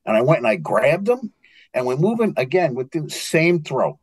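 With a husky, slightly high voice at moderate pace, an older New York-accented man narrates martial arts stories as an interview guest. He tells them animatedly, acting out the quotes, in a dry recording.

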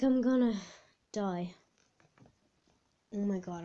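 A woman vlogging in a casual chat while doing online quizzes, thinking aloud with lots of fillers and sudden excited outbursts. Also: mid-range voice, takes it slowly, pauses often, muffled recording. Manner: chatty, thinks aloud with many fillers, bursts into squealing outbursts.

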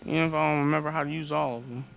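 A man's voice: fairly high pitch, fairly even intonation, very fast, creaky, fairly bright tone. A man casually commentating a shooter game as he plays, swearing and trash-talking the enemies. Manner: profane, frustrated trash talk at enemies. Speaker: gameplay streamer. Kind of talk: casual let's-play commentary. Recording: game music playing underneath.

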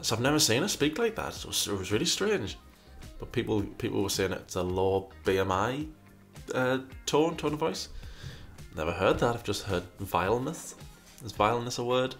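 A man with a fairly low voice hosts a casual commentary show, reading out viewer questions and answering with wry, rambling asides. He keeps doubling back and restarting his sentences. Faint music plays underneath. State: burpy after breakfast.

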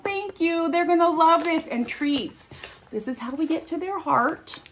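A woman's voice: very high voice, expressive, unhurried, a little hiss or hum. A woman vlogging as she opens gifts, gushing and gasping with delight. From United States. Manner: gushing, gasping, breathy exclamations. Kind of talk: casual unboxing chat.

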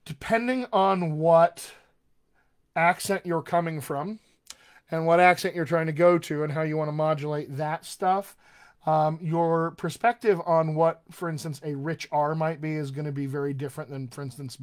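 A man's voice: fairly high pitch, fairly even intonation, unhurried. An American man working as a dialect coach, answering viewer questions in a live online session and demonstrating sounds as he explains. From United States.

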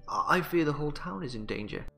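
A man voicing a shaken small-town pastor in a game, stammering and speaking softly. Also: fairly high pitch, lively intonation, fast, vocal fry, faint music behind, pitched above the performer's own voice, heavily acted.

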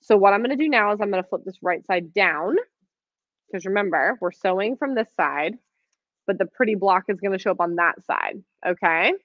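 A woman leads a live online craft class, talking viewers through each step in a friendly, encouraging way and pausing on ums as she works. Her voice sits in a middle range. The sound is dry and a little dull, like a webcam stream. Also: mid-range voice, expressive, no echo. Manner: chatty, encouraging, answers viewer questions, many ums. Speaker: quilting instructor.

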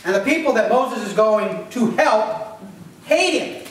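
A man's voice: high-pitched, lively intonation, unhurried, very echoey, far from the mic, rough recording. A man preaching a sermon as pastor, talking conversationally, quizzing the congregation and acting out voices. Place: church.

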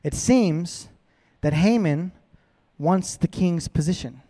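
High-voiced pastor telling a story. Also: male voice, slow pace. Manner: casual, animated storytelling. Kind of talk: sermon.

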